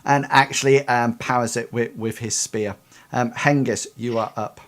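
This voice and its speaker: A man serves as game master, walking his players through a fight one turn at a time. He talks in a halting way, full of fillers, at an average pitch. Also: steady tone. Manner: hesitant, many ums while explaining rules. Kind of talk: narrating a tabletop game.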